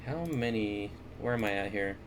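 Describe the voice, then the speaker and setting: A man hosting a casual livestream, reading viewer comments aloud and answering aquarium questions in a relaxed, chuckling way with lots of fillers. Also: lowish voice, normal speed, slight background noise. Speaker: aquarium store owner and livestream host. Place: indoors, at his fish room or store. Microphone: desk mic.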